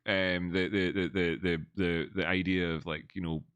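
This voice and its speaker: A man hosting a relaxed livestream chat from indoors. He rambles and restarts his sentences, and now and then reads viewers' messages aloud. His voice sits very low and the recording is dry and close. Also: moderate pace, clean tone, no echo. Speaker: livestream host. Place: old building, indoors.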